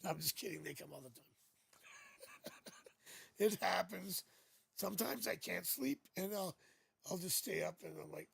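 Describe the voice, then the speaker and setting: A man's voice: high-pitched, lively intonation, moderate pace, vocal fry, long pauses, slightly rough, dry recording. A man hosting a live tarot reading, talking casually and rambling, joking as he goes, on a new studio microphone. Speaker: psychic tarot reader hosting a live stream.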